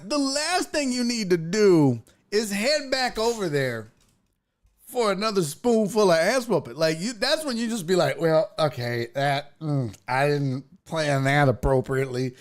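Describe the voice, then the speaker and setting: A young adult man hosting a live stream, telling stories in an animated, profane way and acting out the people in them. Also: extremely high pitch, unhurried. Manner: animated storytelling with profanity and acted-out voices. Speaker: streaming show host. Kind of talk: casual live-stream chat.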